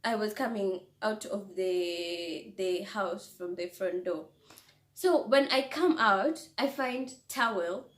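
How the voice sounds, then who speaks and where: A young woman vlogger telling a story in an animated, breathless way, laughing often and restarting her sentences. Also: mid-range voice, slow. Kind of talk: storytime vlog. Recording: echoey room.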